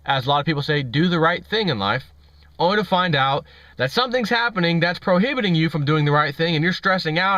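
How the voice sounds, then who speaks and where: A man's voice: fairly high pitch, animated, fast talker, sharp tone, dry recording. Ranting man, dry lo-fi sound. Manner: ranting, repetitive, scornful. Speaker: vlog host. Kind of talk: opinionated financial commentary. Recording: dull lo-fi audio.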